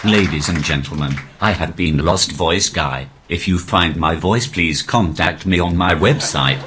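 A male stand-up comedian talking through a posh, robotic text-to-speech voice with a deadpan, even delivery. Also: deep voice, a little slow, background noise. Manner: deadpan, evenly paced delivery. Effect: synthetic text-to-speech voice. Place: live comedy venue.

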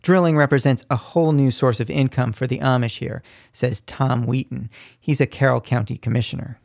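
A man reporting a radio news feature in a measured, scripted narration, recorded at a studio mic. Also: mid-range voice, fairly even intonation, vocal fry, a little mellow, no room sound.

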